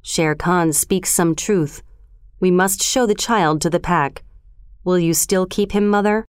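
A woman reading as a gruff father wolf. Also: fairly low pitch, unhurried, no echo, clean studio sound, natural voice. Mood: grave. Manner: gruff, firm. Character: bold, steady male father wolf.

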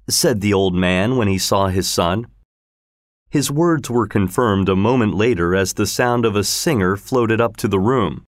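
A man reading a story aloud as the narrator, in a slow, expressive storytelling manner. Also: on the low side, no echo, studio quality. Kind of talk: scripted audiobook narration.

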